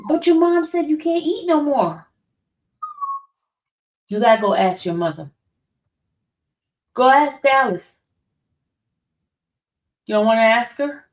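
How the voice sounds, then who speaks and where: A woman's voice: high-pitched, expressive, slow, long pauses. A woman chatting casually with her viewers and teasing her dog with playful questions.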